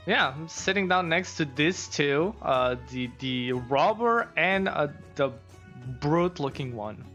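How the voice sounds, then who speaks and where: A man playing a tabletop game, speaking hesitantly and haltingly. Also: on the high side, lively intonation, fairly bright tone, soft background music. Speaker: player.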